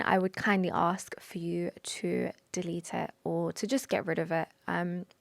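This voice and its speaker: A woman's voice: mid-range voice, no room sound, studio quality. A young woman talking to camera about her faith, earnest and emotional, with sighs, restarts and Arabic religious phrases mixed in. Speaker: vlogger. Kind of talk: personal confessional talk to camera.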